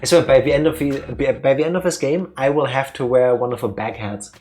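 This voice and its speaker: A man co-hosting a let's play in casual chat, rambling excitedly through joking theories. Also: medium pitch, quick pace, soft background music.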